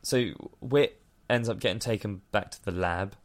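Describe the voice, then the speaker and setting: A man's voice: fairly low pitch, normal speed. A man casually recapping a film plot on a podcast, rambling, laughing and swearing freely. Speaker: podcast co-host.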